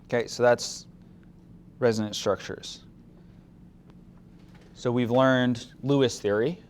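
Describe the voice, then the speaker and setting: A man's voice: mid-range voice, fairly even intonation, takes it slowly, a little hiss or hum. A man teaching a chemistry lecture, explaining step by step and asking the class questions. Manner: asks the class questions, mildly opinionated. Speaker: chemistry instructor.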